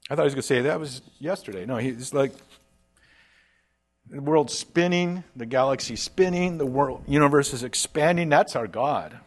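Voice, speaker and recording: Man, preacher, sermon, casual and animated, slangy asides, mid-pitched voice. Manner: voices imagined speakers in quick asides.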